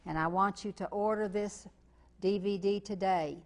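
A woman's voice: mid-range voice, steady tone. Fervent Kentucky woman preacher. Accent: Eastern Kentucky. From Eastern Kentucky. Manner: fervent, building to loud declarations; slow emphatic repetition. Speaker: televangelist. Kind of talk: preaching and fundraising appeal.

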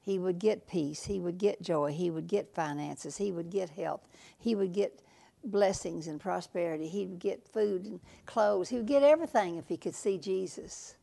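A woman's voice: on the low side, normal speed, gravelly, dark tone. A woman preaching a sermon, earnest and emphatic, repeating her key lines and dropping to a whisper for asides.

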